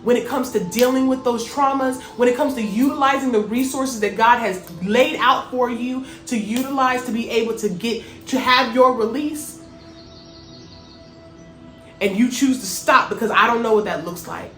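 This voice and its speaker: A woman's voice: on the high side, moderate pace, a bit bright. A woman hosting a motivational spiritual talk, earnest and emphatic with repeated phrases. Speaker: host. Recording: echoey room, faint music.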